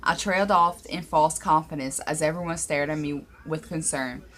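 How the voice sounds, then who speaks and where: A woman's voice: low-pitched, normal speed, fairly bright tone. A woman narrating a first-person story aloud, with small slips and restarts as she reads.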